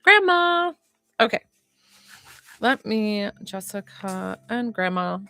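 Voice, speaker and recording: A woman working as a psychic medium, giving live readings to viewers in a warm, rambling way with lots of filler words. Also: medium pitch, very animated, slow, creaky, soft background music. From northern United States.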